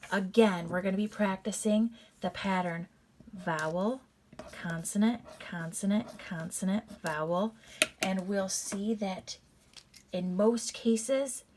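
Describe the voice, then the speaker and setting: A woman teacher leads a recorded reading lesson in a medium-pitched, slightly mellow voice, with a little background noise. She goes step by step through patterns, repeating them deliberately and calling her students "you guys."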